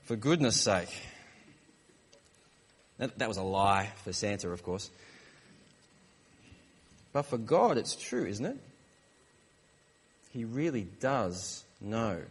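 A man, a father of young children, preaching a sermon in a relaxed, joking storytelling manner. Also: fairly low pitch, slow pace, long pauses, husky, in a large hall.

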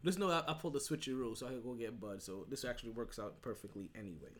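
A man's voice: mid-range voice, very fast, a little hiss or hum. Emphatic rambling podcast host, man. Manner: rambling, emphatic, frequent restarts and "right?". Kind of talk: casual sports talk.

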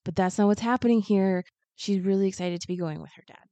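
A woman guest on a podcast, chatting casually and retelling a story in an animated, joking way. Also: medium pitch, fast talker, no room sound, muffled recording.

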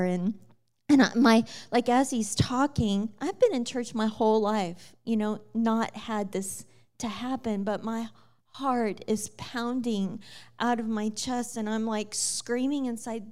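A woman telling the story of her conversion in a lively, casual way, with many fillers and frequent laughter. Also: on the high side, measured pace. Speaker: guest sharing her testimony. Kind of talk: personal testimony storytelling.

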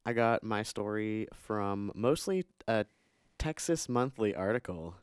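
A man's voice: lowish voice, animated, measured pace, clean tone, no room sound, clean studio sound. A man co-hosting a podcast in casual chat, joking and laid-back. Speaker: podcast co-host.

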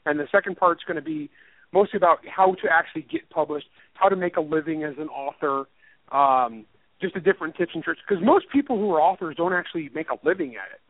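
A man who is an author rambles through a casual interview, laughing often and poking fun at himself. His voice sits a little high for a man. The sound is tinny and phone-like, with a dry room. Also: lively intonation, fast talker, no echo. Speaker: author and writing teacher.

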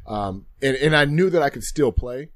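In a podcast studio, a guest in his thirties who used to play football tells stories from his life in a candid interview. His medium-pitched voice is expressive and moves at a normal speed, and he speaks reflectively, often repeating phrases.

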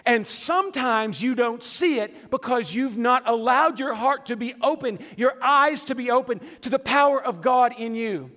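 High-voiced man preaching in a reverberant church. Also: moderate pace, few pauses, pushed and bright. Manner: conversational preaching with humor and audience asides. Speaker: pastor. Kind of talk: sermon. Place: church sanctuary. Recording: long hall reverb.

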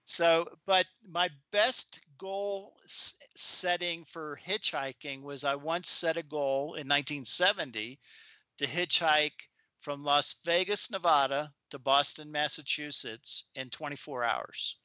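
A man in his seventies, a podcast guest and author, telling animated stories in a chatty interview. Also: on the high side, takes it slowly, dry recording. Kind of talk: anecdotal storytelling in an interview.

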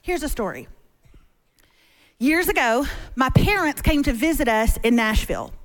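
A middle-aged woman preaching as a guest speaker from a church stage, telling stories with animated humor. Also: high voice, unhurried. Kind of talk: sermon. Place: church stage before a congregation.

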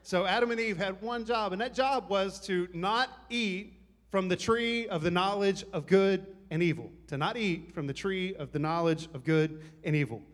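A pastor delivers his sermon in a loose, conversational way, joking with the congregation as he goes. His voice sits a little high for a man. The sound carries the long reverb of a large hall. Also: normal speed.

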